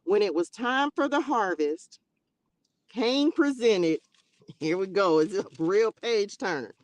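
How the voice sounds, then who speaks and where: A woman hosting a livestream who reads scripture and adds animated, slangy, joking commentary. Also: medium pitch, slow pace, no room sound. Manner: animated, laughing, slangy asides. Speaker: livestream host reading scripture. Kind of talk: bible reading with casual commentary. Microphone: livestream mic.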